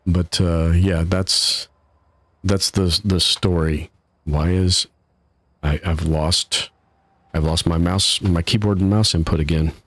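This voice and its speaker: A man's voice: deep voice, fairly even intonation, takes it slowly, dry recording. A man casually commenting while he streams a game live, chatty and laughing at his own troubles from his home setup. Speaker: gaming streamer.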